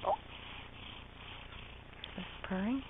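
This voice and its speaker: A woman filming her pets at home, calling her cat by name in sing-song baby talk. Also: extremely slow. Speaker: pet owner filming cats. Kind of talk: home video, talking to pets. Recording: tinny lo-fi home video audio with hiss and clicks.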